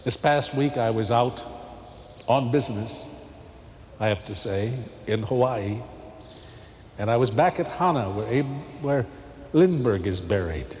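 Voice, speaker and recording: Brief: folksy, animated male pastor, big church reverb, faint room ambience behind. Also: mid-range voice, unhurried, pauses often, slight background noise. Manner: folksy, animated preaching with rising emphatic peaks. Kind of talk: televised sermon. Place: large church. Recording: long cathedral echo, faint ambience.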